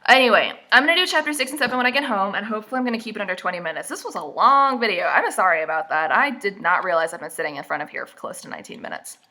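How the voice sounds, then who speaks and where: Young woman vlogger, bright voice, a bit stuffy, snarky book recap into her camera. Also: medium pitch, big pitch swings, racing, few pauses. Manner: sarcastic, mocking asides. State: stuffy from allergies. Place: indoors, seated at a camera.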